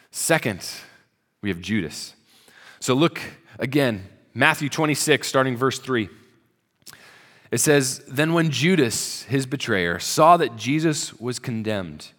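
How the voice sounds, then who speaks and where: A man preaching a sermon, retelling the story conversationally and dropping to a soft, low voice at solemn moments. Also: big-room sound. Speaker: pastor.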